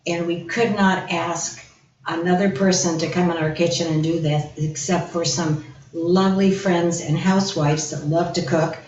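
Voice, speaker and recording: A woman's voice: lowish voice, steady tone, normal speed, a little mellow. A woman hosting a casual cooking show, introducing guests with effusive praise. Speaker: host. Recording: roomy, distant, dull, faint hiss.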